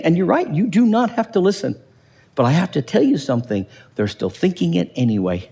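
A man's voice: on the high side, brisk, vocal fry, in a large hall. A man preaching a sermon in church, acting out quoted voices and asking his listeners questions. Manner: animated, acts out quoted voices, asks the audience questions. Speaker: pastor.

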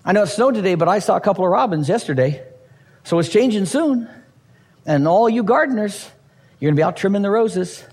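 A man's voice: high-pitched, animated, fairly quick, a little mellow, in a large hall. A man preaching a sermon with humor and energy, acting out the voices of Bible figures as he explains the scripture. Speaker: pastor.

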